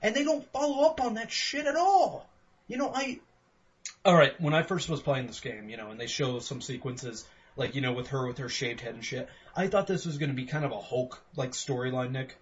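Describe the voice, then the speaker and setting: A man co-hosting a podcast game review, ranting profanely and excitedly while acting out quotes. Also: medium pitch, moderate pace. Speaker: podcast co-host. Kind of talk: casual game review chat. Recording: dull lo-fi sound with faint noise.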